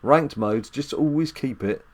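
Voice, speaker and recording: A man's voice: mid-range voice, measured pace, a little mellow. A man hosting a casual mobile game let's-play at home, chatty and rambling with jokes and filler ums. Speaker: dad gaming channel host.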